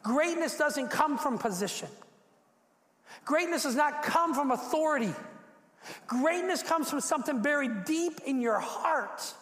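A preacher man with a very high voice delivers an animated sermon, acting out the quotes and doubling back on his words. His voice rings through a big hall with a long echo. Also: measured pace. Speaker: pastor. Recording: echoey hall.

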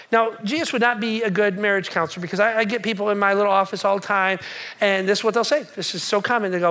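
A male pastor preaches a sermon to his congregation in a church. He talks in an animated way, repeats his key lines and slips in joking asides. His voice is high and bright. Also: quick pace.

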